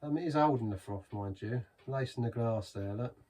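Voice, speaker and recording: A man's voice: mid-range voice, moderate pace, warm tone, recorded from a distance, slight background noise. A man reviewing a beer in a chatty, rambling way, savouring each sip. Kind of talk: casual beer review vlog.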